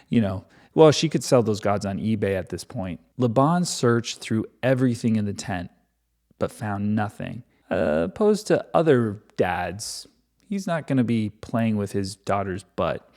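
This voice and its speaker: A man's voice: fairly low pitch, darkish tone. Sarcastic man reading scripture. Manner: sarcastic, mocking asides between verses. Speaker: Bible reader and commentator. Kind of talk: Bible reading with irreverent commentary.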